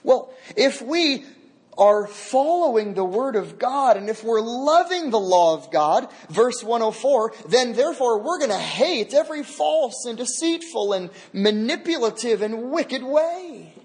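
Slow, emphatic male preacher. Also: extremely high pitch, expressive, darkish tone. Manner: emphatic, repeats key phrases. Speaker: pastor. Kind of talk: sermon.

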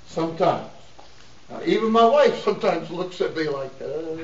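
A middle-aged preacher with a fairly high voice delivers a sermon in a folksy, joking style and laughs often. He sounds set back from the microphone in an echoey church, and the recording is somewhat dull. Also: lively intonation, moderate pace, recorded from a distance, a little hiss or hum.

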